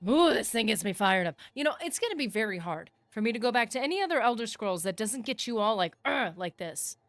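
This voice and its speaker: A woman streamer chatting excitedly with her viewers while playing a fantasy game, animated and chatty on a close streaming mic. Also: a little high, quick pace, no echo. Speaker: gaming streamer. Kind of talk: casual livestream chat.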